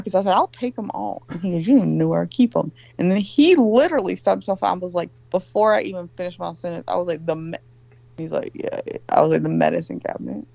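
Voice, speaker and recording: A woman's voice: medium pitch, creaky, darkish tone, lo-fi sound. A woman telling a story in casual chat, blunt and swearing constantly, on a call. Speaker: guest.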